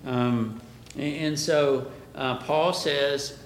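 A man's voice: a little slow, a bit bright. A man preaching a Bible class sermon, who asks the class questions and then answers them himself. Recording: echoey room, faint background rumble.

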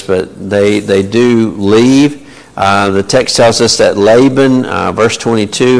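A man with a gravelly voice leads a Bible study. He talks in a loose, conversational way, full of fillers and asides. His voice rings with the long reverb of a large hall. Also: on the low side. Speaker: Bible teacher.

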